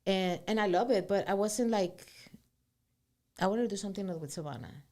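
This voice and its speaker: Animated woman telling stories. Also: mid-range voice, normal speed. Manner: animated storytelling, switching between English and Spanish, swears freely. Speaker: guest singer-songwriter. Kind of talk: casual interview chat.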